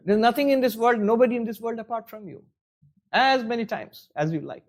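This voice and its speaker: A man's voice: very high-pitched, fairly quick. A man giving a conversational lecture on scripture as a spiritual teacher, wry and full of rhetorical questions.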